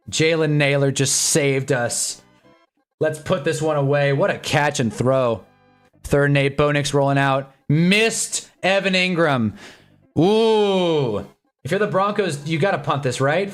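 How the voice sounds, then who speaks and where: A young man hosting a casual live sports watch-along stream, reacting loudly to plays and then mumbling to himself. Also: fairly high pitch. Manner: excitable, swings from mumbling to shouting at plays.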